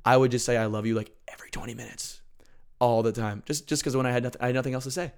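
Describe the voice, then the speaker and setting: An earnest man talks through a faith lesson in a relaxed, conversational way, pausing now and then to check that the listener is following. His voice sits at an ordinary middle pitch. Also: vocal fry. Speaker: podcast host teaching on faith. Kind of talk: casual teaching talk.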